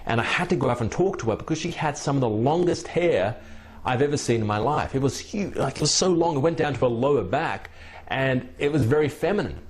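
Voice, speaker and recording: A man's voice: mid-range voice, lively intonation, brisk. Rambling man telling a dating story. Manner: rambling, with frequent restarts and repeated words. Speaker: dating coach. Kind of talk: casual storytelling and advice.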